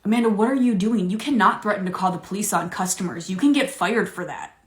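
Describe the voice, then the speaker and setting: A woman's voice: mid-range voice, fast talker, close to an everyday voice. A woman playing a worried coworker in a comedy skit, scolding and anxious. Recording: roomy echo.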